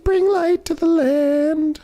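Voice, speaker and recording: A man putting on a high, solemn goddess voice, slow and drawn-out like a ceremony. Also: fairly even intonation, mellow.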